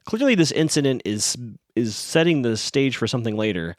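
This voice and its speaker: A man podcast host rambles through an episode recap, sarcastic and amused. His pitch jumps around a lot, and the sound is dry and close. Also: sing-song, a little fast, no room sound.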